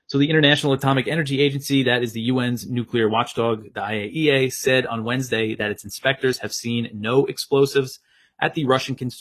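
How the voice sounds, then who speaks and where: A man reading the news in a steady, plain delivery, quoting sources. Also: medium pitch. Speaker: news presenter.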